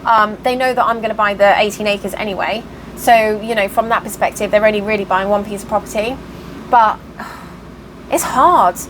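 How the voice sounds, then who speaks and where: A woman's voice: medium pitch, fairly even intonation, moderate pace, fairly bright tone, slight background noise, poor audio. A tired woman chatting casually in a vlog update, venting her frustration and getting worked up. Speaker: cross stitch vlogger.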